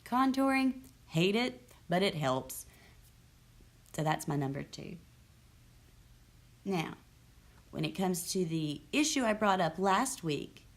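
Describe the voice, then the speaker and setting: A young adult woman hosting her own vlog, talking candidly and with sarcasm, with frequent restarts. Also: fairly low pitch. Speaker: vlog host. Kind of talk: casual talk to camera. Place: lives in the US South.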